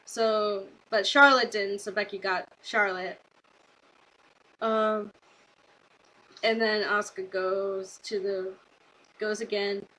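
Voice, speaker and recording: A young woman vlogger recapping a wrestling show in a casual, rambling way, gushing with excitement and full of fillers. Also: medium pitch, takes it slowly, long pauses, low-quality recording.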